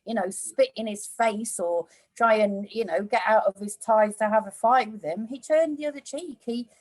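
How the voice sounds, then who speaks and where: A woman with a fairly high voice reflecting earnestly on scripture in relaxed conversation, often pausing on "you know". Her voice sits dry and close, with no room around it. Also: no room sound, low-quality recording. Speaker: church discussion partner. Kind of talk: conversational Bible discussion.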